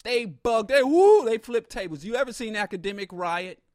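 A man telling a humorous story in an animated, comic way with exaggerated asides. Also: high voice, moderate pace, dry recording, clean studio sound.

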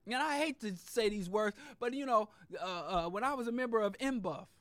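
A man delivering an impassioned political monologue, fiery and profane, hammering points in repetitive lists and dropping into low muttered asides. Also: lively intonation, normal speed, no echo. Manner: swings between loud outbursts and low muttered asides. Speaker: podcast host.

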